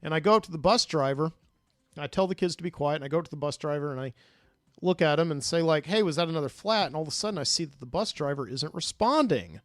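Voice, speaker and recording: A man's voice: a little high, animated, fast, no echo, clean studio sound. A man, a podcast host, casually recounting a dream in a rambling way, full of fillers and restarts.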